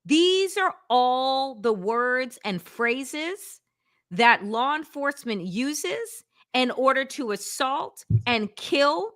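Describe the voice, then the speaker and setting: A woman hosting a live political talk show, speaking in a measured, deliberate way as she reads a statement aloud and presses her point. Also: sits high, very animated, a bit bright. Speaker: host. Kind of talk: political commentary.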